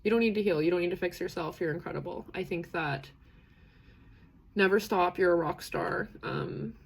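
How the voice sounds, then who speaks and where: A woman in her thirties hosts a live self-acceptance session, reading chat comments in casual live-stream talk. Her lowish voice has vocal fry, and she is chatty, warm-hearted and quick to laugh, often rambling and restarting her sentences.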